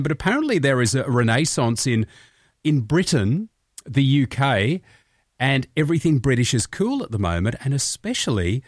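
A man's voice: medium pitch, no echo, clean studio sound. A man hosting a radio show, chatty and joking, laughing at his own quips. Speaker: radio host. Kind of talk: casual radio chat.

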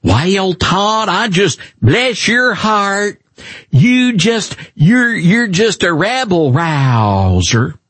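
A man's voice: high-pitched, very animated, extremely slow, a bit bright, no room sound, pitched above the performer's own voice, heavily acted. A radio host doing an impression of a male politician who speaks in a folksy, drawling, fake Southern manner. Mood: folksy scolding.

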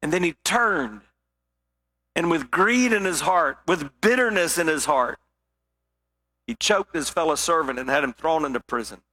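A man preaching a sermon, telling a parable with drama and dropping to a hush for serious points. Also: on the high side, lively intonation, moderate pace, long pauses. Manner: dramatic storytelling, drops to a hushed voice for weight.

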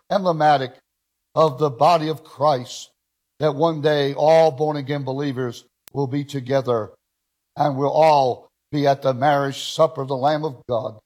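A male pastor preaching live in church, his voice sitting a bit high. He builds from measured teaching to loud exclamations and keeps asking for amens from the congregation. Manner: preachy, rising to exclamations, calls of amen. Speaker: pastor and radio host. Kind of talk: live sermon.

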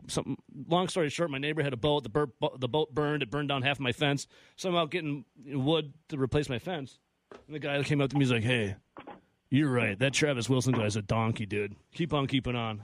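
A man co-hosting sports talk radio, telling stories animatedly with quick laughs. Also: mid-range voice, no room sound. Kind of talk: casual radio banter. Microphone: studio radio mic.

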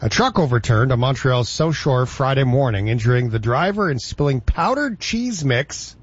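A male radio host in casual, playful banter, chatty and quick to laugh. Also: medium pitch, expressive, breathy edge, highs cut off.

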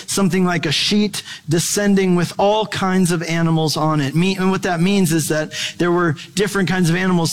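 A man preaching a sermon in a conversational, playful way. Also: sits high. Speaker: pastor. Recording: long hall reverb.

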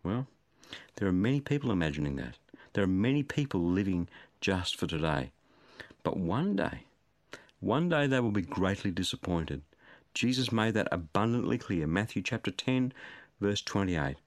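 Male preacher, lively rising and falling delivery, dry close sound, earnest and pleading. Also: sits low, normal speed, no room sound. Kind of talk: sermon.

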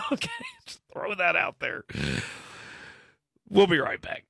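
Talk radio host, male, gravelly and bright, dry close sound, emphatic. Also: medium pitch, lively intonation, moderate pace, pauses often, no room sound. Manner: emphatic, repeats words when starting a point.

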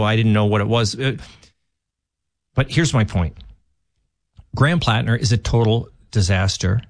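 A man's voice: fairly low pitch, dry recording, studio quality. Opinionated male talk radio host. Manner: opinionated, emphatic, with frequent restarts. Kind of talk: political talk radio commentary.

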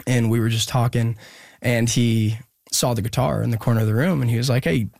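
A young man telling a personal story in an interview, halting and earnest with many pauses and restarts. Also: medium pitch, level tone, creaky, darkish tone, no room sound, clean studio sound. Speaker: guest musician.

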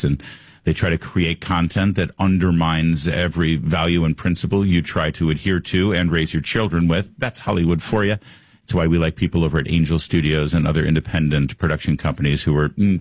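A male talk radio host holds forth in a sarcastic, opinionated monologue, throwing out rhetorical questions. His voice sits fairly low, and the studio sound is close and dry, with no room echo.

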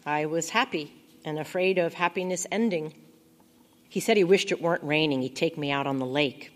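A woman reads a first-person story in a quiet, intimate, reflective voice. Her pitch sits a little low for a woman, and the delivery stays close and unhurried. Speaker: audiobook narrator. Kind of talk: first-person audiobook narration.

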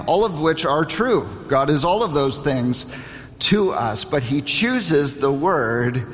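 A pastor in his thirties delivers a sermon at a deliberately unhurried pace, stressing each point and repeating key phrases for weight. His voice sits a little high for a man. The sound carries the long, ringing reverb of a large hall. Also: lively intonation. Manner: slow, emphatic preaching with repeated phrases.

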